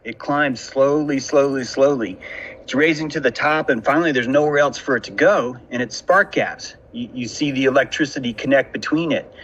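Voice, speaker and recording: A man's voice: medium pitch, normal speed, fairly bright tone, lo-fi sound, a little hiss or hum. A man hosting a casual podcast conversation, talking in intense, philosophical monologues from a home room. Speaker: podcast host.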